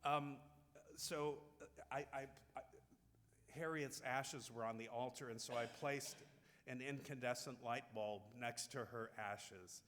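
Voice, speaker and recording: A man's voice: mid-range voice, a little slow, a bit bright, in a large hall. A man giving a heartfelt sermon, telling stories with frequent restarts. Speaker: pastor.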